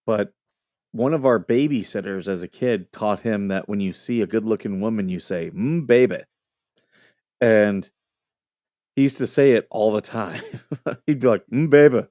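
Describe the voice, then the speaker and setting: A man's voice: lowish voice, moderate pace, a little mellow, no room sound, studio quality. A man hosting a livestream, chatting casually and telling funny stories with frequent laughter. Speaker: livestream host. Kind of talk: casual chat and storytelling.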